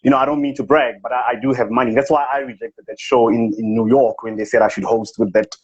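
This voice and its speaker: Quick-paced and level in tone, a man's mid-range, slightly rough voice stays near his everyday sound as he lampoons a motivational speaker with a fake posh accent. He brags grandly and smugly in this live-chat comic impression, captured on dull lo-fi livestream audio.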